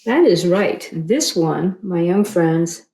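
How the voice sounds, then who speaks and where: A woman's voice: on the low side, lively intonation, slow pace, creaky, warm tone. A middle-aged woman, teaching quilting in a chatty, rambling way, full of self-deprecating asides. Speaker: quilting instructor. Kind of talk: casual tutorial chat while sewing. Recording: echoey room.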